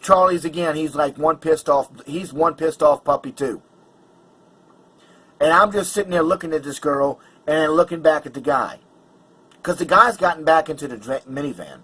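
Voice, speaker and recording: A man's voice: on the high side, moderate pace, fairly bright tone, breathy edge, poor audio. A man vlogger telling a personal story in an agitated, emphatic way, stumbling over restarts. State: angry and worked up.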